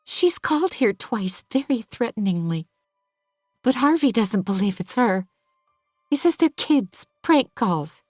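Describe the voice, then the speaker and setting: A woman's voice: on the high side, very animated, a little slow, a little mellow, no echo, clean studio sound, faint music behind, voice pushed up. A woman voicing an anxious young mother who talks in a fretful, plaintive way. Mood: indignant.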